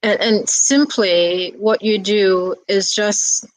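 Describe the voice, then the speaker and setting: A woman guest speaking in a soft, reflective way, talking casually with a few restarts and fillers. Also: medium pitch, fairly even intonation, takes it slowly, no room sound, poor audio. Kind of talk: casual conversation.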